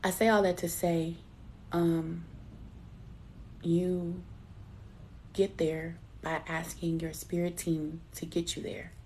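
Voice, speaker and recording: Low-voiced woman giving a chatty spiritual reading. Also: level tone, takes it slowly, long pauses, darkish tone, slight background noise. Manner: personal, chatty, laughs at herself, calls listeners baby. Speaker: intuitive card reader. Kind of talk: live spiritual reading, casual chat.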